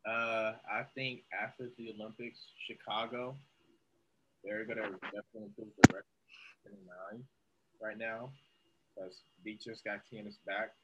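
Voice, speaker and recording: A man joins in on a casual sports chat in a soft, offhand voice. He speaks a little low in pitch. A faint hiss sits under the recording. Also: little pitch movement, moderate pace, muffled recording. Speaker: co-host.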